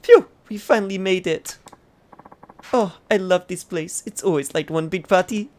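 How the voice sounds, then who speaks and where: A man's voice: sits high, moderate pace, darkish tone, voice pushed up, natural voice. A man putting on a sweet young hostess. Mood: cheerful. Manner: sweet and polite. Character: cheerful young woman, a polite club hostess. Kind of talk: reading game dialogue aloud.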